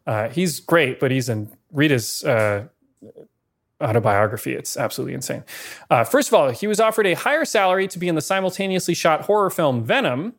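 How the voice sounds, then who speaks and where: A man co-hosting a podcast, telling film-history stories in a lively way with asides and chuckles. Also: a little high, brisk. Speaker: podcast co-host. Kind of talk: casual film-history chat.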